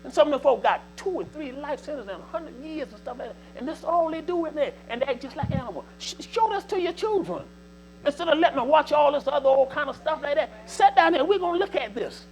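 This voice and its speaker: A man's voice: very high-pitched, expressive, quick pace, a little hiss or hum, low-quality recording. A man, preaching to a church congregation in a folksy, repetitive, exhorting way. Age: 70s. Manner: folksy, repetitive, exhorting with 'see' and 'you know'. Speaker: church speaker.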